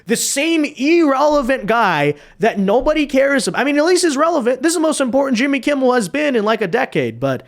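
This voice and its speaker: A man's voice: extremely high pitch, big pitch swings, fairly quick, vocal fry, hardly any pauses. A man hosting a political commentary monologue, sarcastic and mocking, tagging his points with rhetorical questions and sounding weary. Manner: sarcastic, mocking, tags lines with "right?".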